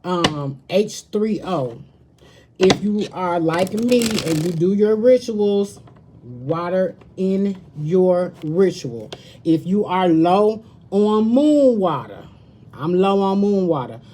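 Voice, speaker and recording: A woman reads tarot cards on a live stream and talks to her viewers as a chatty, slangy host. Her voice sits a little low and she takes her time, drawing out words at an unhurried pace. There is a faint hiss behind her voice. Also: animated, mellow. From Southern United States. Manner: chatty, slangy, addresses viewers as baby and girl. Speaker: tarot reader. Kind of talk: casual live-stream chat.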